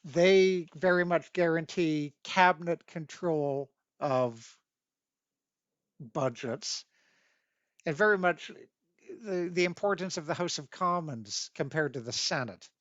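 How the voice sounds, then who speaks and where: Deliberate man lecturing. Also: a little high, no room sound, muffled recording. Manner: deliberate, reads statutes aloud, stresses key words. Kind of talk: lecture on constitutional history. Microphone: webcam mic.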